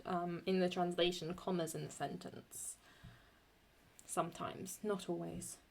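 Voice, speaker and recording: A woman teaching Latin poetic meter in a chatty way, thinking aloud and correcting herself, and reading Latin lines slowly and deliberately. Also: lowish voice, a little mellow. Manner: slow, deliberate Latin recitation. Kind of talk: screen-recorded lesson.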